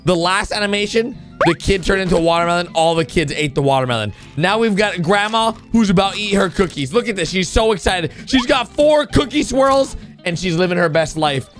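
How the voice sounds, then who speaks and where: Excitable high-voiced male reactor. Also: fairly quick, hardly any pauses, soft background music. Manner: excitable, shouts and gasps at surprises, talks to viewers. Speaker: reaction video host. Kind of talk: animated reaction commentary.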